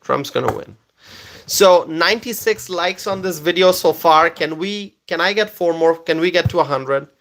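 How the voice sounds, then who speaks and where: A man hosting a casual live stream, tired after a long day, talking slowly and repeating himself as he reads viewer comments aloud. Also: a little high, gravelly, a bit bright.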